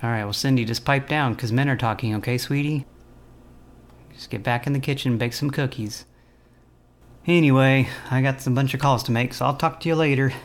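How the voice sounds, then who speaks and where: A man making prank phone calls, taunting and teasing the people he calls in a calm voice. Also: mid-range voice, fairly quick. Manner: mocking, taunting, calmly teasing. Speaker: prank caller.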